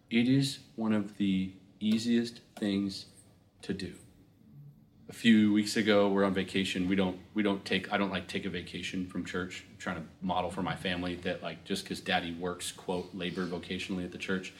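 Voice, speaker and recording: A man, a pastor, answering a question in an animated storytelling way, acting out the voices of people he quotes. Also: fairly low pitch. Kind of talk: speaking at a Q&A session.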